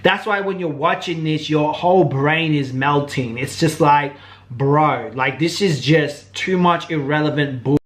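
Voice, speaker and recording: A man's voice: on the high side, unhurried. A man hosting a commentary channel, talking bluntly and casually. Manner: blunt, casual, says "bro" and "like".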